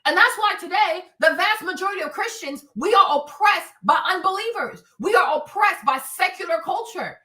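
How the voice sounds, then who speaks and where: A woman's voice: very high-pitched, animated, normal speed, few pauses, bright, forceful tone, roomy sound, far from the mic. A woman hosting a livestream, talking in an emphatic, repetitive, preachy way. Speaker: livestream host. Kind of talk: preachy casual livestream talk.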